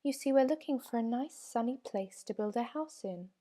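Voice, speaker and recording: A calm, motherly troll, as a woman reads her, reassuring her child in a gently raised voice. It is a storybook character read aloud. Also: fairly high pitch, moderate pace. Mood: soothing.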